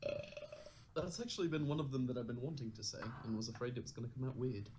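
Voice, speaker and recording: A man's voice: mid-range voice, fast talker. A man chatting playfully before a tabletop game session, laughing often as he riffs on accents with friends in an online call. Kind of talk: casual pre-game chat. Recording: clear background noise.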